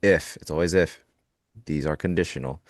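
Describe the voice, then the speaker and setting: A man's voice: very deep voice, normal speed, no room sound, clean studio sound. A man co-hosting a live trading show, talking casually and jokingly about the market, acting out little quoted lines. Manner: animated, jokey, acts out quoted lines.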